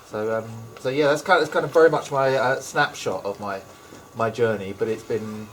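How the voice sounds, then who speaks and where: A man's voice: mid-range voice, moderate pace, a little hiss or hum. A man with an Essex accent, a teacher chatting as a guest in a school library lounge, talking in a rambling, hesitant way with many restarts. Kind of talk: casual interview chat.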